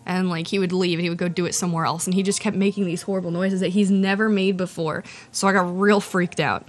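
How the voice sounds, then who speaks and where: Animated woman telling a story. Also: on the low side, fast. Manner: animated, acts out dialogue. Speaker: podcast co-host. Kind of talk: casual storytelling chat.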